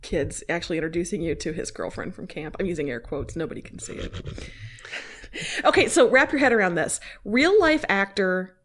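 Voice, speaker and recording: A woman co-hosting a podcast, chatting animatedly about TV episodes with quick restarts. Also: on the low side, animated, fairly bright tone. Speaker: podcast co-host. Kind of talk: casual TV review chat.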